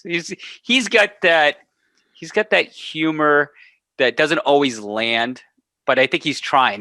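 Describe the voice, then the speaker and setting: A man's voice: fairly high pitch, pushed and bright, no room sound. A man co-hosting a podcast, chatting casually, joking and laughing often. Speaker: podcast co-host. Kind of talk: casual banter.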